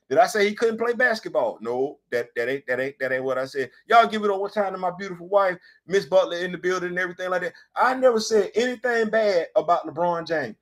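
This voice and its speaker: A high-voiced man hosts a casual opinion segment, ranting about sports. He's animated and colloquial, firing off rhetorical questions.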